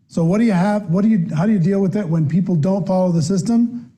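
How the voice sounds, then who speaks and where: A man giving a live training talk on network marketing, asking the audience questions and acting out quoted voices with lively energy. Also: high voice, fast. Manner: animated, acts out quoted voices.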